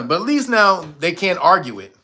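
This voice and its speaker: A man's voice: high voice, big pitch swings, moderate pace, bright, forceful tone, husky. A man hosting a livestream, telling a casual, profane story and laughing often. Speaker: livestream host.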